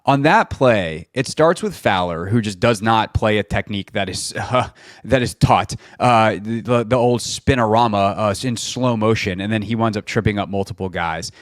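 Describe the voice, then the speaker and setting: A man's voice: on the low side, moderate pace, no echo, studio quality. A man hosting a sports radio show, breaking down football film in a casual, chatty way with lots of fillers and restarts.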